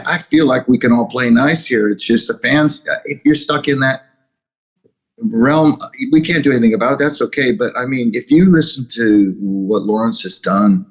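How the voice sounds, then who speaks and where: A man's voice: mid-range voice, a little slow, low-quality recording. A man being interviewed as a guest musician, talking loosely and rambling with many restarts. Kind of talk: casual interview chat.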